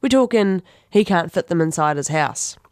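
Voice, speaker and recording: A woman's voice: fairly low pitch, expressive, moderate pace, a little mellow, no room sound, studio quality. A woman with a New Zealand accent hosting a community radio show, chatting casually through local events with plenty of fillers and self-corrections. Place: radio studio.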